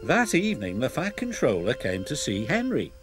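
A man narrating a children's train story in an expressive, deliberate way. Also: mid-range voice. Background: loud background music.

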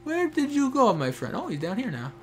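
A man's voice: extremely high pitch, huge pitch swings, brisk, noisy background. A young man giving casual, chatty commentary while playing a shooter game, talking to teammates and viewers. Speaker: gameplay streamer. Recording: faint game gunfire behind.

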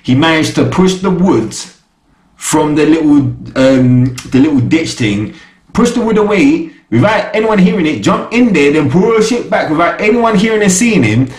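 A man's voice: on the high side, moderate pace. Slangy young man reviewing, echoey room. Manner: slangy, animated, keeps asking "you get me?". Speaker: TV show reviewer. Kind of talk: casual review chat.

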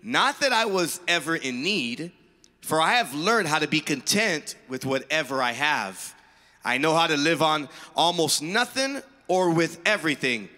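An enthusiastic man co-leads a sermon in a high, bright voice, reading scripture aloud and affirming every point. The sound carries the long reverb of a church sanctuary. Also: lively intonation, unhurried. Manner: enthusiastic, repeats "I love that statement". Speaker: pastor.

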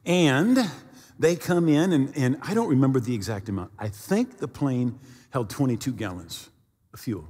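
Middle-aged male pastor, husky and lively, animated storyteller, long hall reverb. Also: mid-range voice, moderate pace. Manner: animated storyteller with sound effects and acted quotes. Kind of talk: sermon storytelling.

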